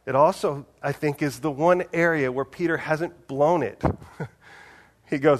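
A preacher delivers a conversational sermon, casual and animated, at a slightly slow pace. His loudness swings widely, and he drops to a soft, low voice when quoting someone.

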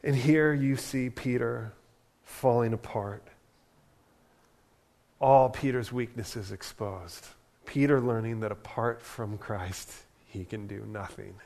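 A man, a pastor, preaching a sermon in a conversational, animated way, often asking "right?" as he talks. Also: mid-range voice, takes it slowly, creaky.

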